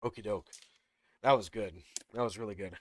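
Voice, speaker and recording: A man's voice: fairly low pitch, a little fast, dry recording. A man hosting a gaming channel, talking the viewer through each step as he plays in casual commentary.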